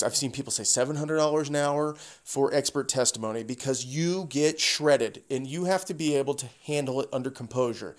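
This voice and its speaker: A middle-aged man hosting a podcast, explaining a topic in a casual, conversational lecture style with restarts and lively retellings. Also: medium pitch. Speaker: podcast host.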